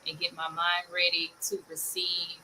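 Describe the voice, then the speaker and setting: A woman's voice: on the low side, completely flat delivery, normal speed, sharp tone, slight background noise, rough recording. A woman hosting a casual talk show chat over a video call, upbeat and laughing often.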